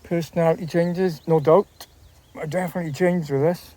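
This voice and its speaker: A man's voice: a little high, steady tone, moderate pace, dark tone. A man vlogging in a casual, rambling way, often repeating and restarting his phrases. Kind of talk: casual talk to camera.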